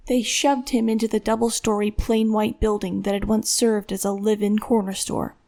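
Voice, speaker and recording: A woman narrating a dramatic thriller audiobook in a steady storytelling voice. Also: medium pitch, moderate pace.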